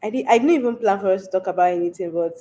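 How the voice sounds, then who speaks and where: A woman's voice: mid-range voice, very fast, warm tone. A young Nigerian woman with a stuffy, congested voice from a cold, chatting casually on a livestream and laughing often. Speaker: livestream host. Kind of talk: casual livestream chat reading comments.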